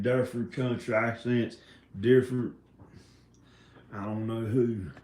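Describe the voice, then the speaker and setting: A man's voice: lowish voice, fairly even intonation, measured pace, a little mellow. A man vlogging from inside his house in a rambling casual monologue, wandering off mid-thought and starting over. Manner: meandering, trailing off and restarting thoughts. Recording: roomy echo in a house.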